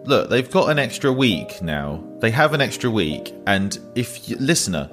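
A man's voice: medium pitch, very animated, normal speed, hardly any pauses, over music. A man co-hosting a podcast, chatting and teasing his co-hosts. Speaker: podcast co-host. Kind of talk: casual chat.

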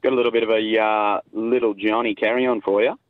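A man's voice: lowish voice, flat delivery, brisk, no room sound, phone-quality sound. A man leaving a voice message for a podcast and telling a joke casually. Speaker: caller.

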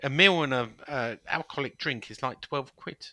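Man, very bright tense voice, dry close sound, rambling co-host. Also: medium pitch, moderate pace, dry recording. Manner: anecdotal, rambling storyteller. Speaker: podcast co-host. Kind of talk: casual chat.

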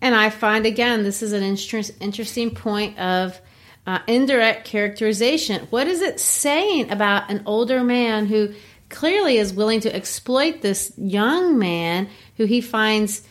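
Woman, co-host, animated, teacherly, mid-pitched voice, explains a story. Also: measured pace. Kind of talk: literary discussion.

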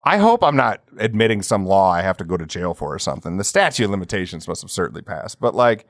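Profane, animated man telling stories. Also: low-pitched, no echo, clean studio sound. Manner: profane, laughing storyteller; does quick impressions of people in his stories. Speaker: podcast co-host. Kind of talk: casual chat.

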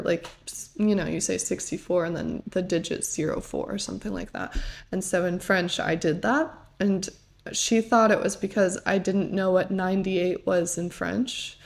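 A woman's voice: fairly low pitch, gravelly, a little mellow. A young woman from the United States, a guest on a podcast, chatting casually with lots of "like" and self-corrections. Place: pub.

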